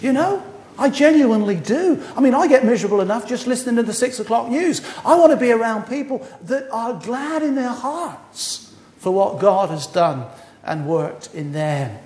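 A man with a high voice delivers a sermon in a church, his words ringing through a roomy, echoing space. He teases the congregation with gentle jokes, then slows to read scripture with weight. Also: expressive. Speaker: preacher.

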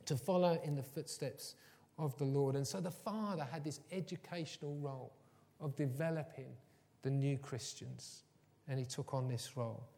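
A pastor delivers a sermon with a fairly high voice that echoes through a large church hall. He tells stories warmly and shifts between hushed, low passages and loud, emphatic lines. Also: gravelly. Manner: warm storytelling, swings from soft and low to loud and emphatic. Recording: long hall reverb.

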